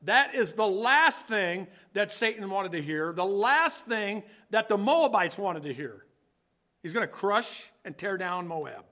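A man with a high, bright voice preaches a sermon in a loose, conversational way. He thinks out loud, circles back and restarts his sentences as he explains scripture. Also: expressive, a little slow.

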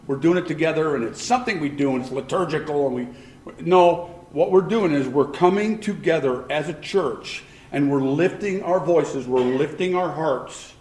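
A man preaching a sermon as pastor, animated and rising to loud, emphatic bursts. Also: on the high side, moderate pace. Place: church sanctuary. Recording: echoey church room.

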